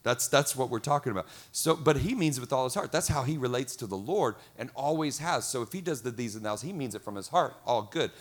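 A middle-aged man preaching a lively sermon, acting out quoted voices. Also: mid-range voice, brisk, hardly any pauses. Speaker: pastor.

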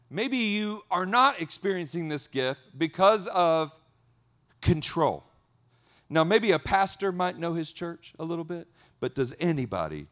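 A man's slightly high voice carries an energetic sermon. He repeats key words for emphasis, and his volume swings between loud and soft as he preaches. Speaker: pastor.

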